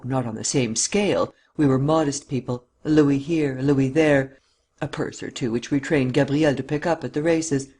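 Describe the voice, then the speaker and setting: A cruel, gloating widow , read by a man in a mid-pitched voice, savours her triumph over a trapped rival. She mocks with deliberate weight on each word. Her voice sits at an ordinary middle pitch. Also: a little mellow, natural voice. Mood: smug. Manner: mocking, gloating, stresses every syllable. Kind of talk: audiobook character reading.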